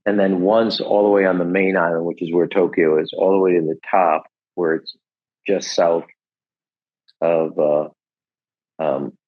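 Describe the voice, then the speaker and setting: Husky low-voiced man telling a rambling story. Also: steady tone, measured pace, long pauses, narrow, tinny audio. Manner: rambling, restarts, says "et cetera" often. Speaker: podcast guest. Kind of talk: casual storytelling.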